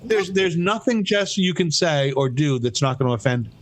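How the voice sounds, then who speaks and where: A man co-hosting a casual podcast, a former radio broadcaster who talks in an animated, profane way with many stumbling restarts. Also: a little high, normal speed. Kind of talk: casual chat.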